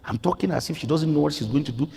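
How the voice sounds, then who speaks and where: A middle-aged male pastor with a Nigerian accent preaching a sermon in a church, swinging between quiet, earnest passages and loud, emphatic rises. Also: on the high side, very fast, gravelly. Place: church hall. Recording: reverberant church hall.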